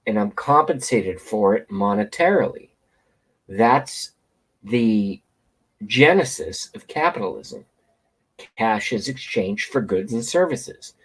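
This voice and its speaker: A man rants about politics in a slow, unhurried drawl, swearing freely and hammering the same phrases again and again. His voice is husky and a little rough. He sounds like a regular commentator holding forth to his own audience. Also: medium pitch. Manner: profane, repetitive, rambling rant. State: hiccups. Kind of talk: ranting political monologue. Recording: outdoors, passing train nearby.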